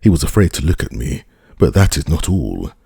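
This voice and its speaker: A man's voice: rumbling low, sing-song, brisk, creaky, dark tone, husky, no room sound, clean studio sound, full character voice. A man voicing a stiff, self-pitying grieving official with a thin voice and formal speech. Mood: strained.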